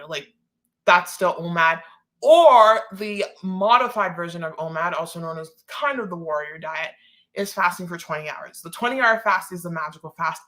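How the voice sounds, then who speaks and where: Bright-voiced chatty woman from the Caribbean. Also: lowish voice. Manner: chatty, lots of "like" and laughing asides. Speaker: host. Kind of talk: casual live-stream Q&A.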